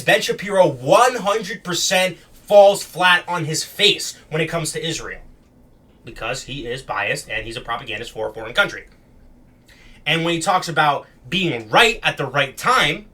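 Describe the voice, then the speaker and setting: A young man delivers casual reaction commentary in a bright, forceful voice that sits a little high. His talk is blunt and slangy, full of emphatic asides.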